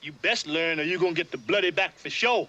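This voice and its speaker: The actor's voice is on the high side, bright and forceful, a little fast, and the recording is muffled. With an American Southern accent, he plays an older enslaved fiddler in a period film drama who fawns over his master and scolds a newcomer sternly in a drawling dialect.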